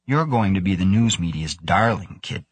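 A man voicing a cheerful, teasing older male colleague with a relaxed, wry manner. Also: low-pitched, moderate pace, breathy edge, dry recording. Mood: jovial.

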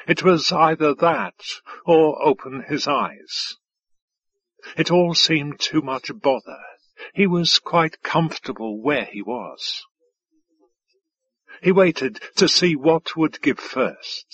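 A man narrating a science-fiction audiobook in a measured, wry storytelling manner. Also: on the high side, fairly bright tone, slightly rough, no echo, lo-fi sound. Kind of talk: scripted narration.

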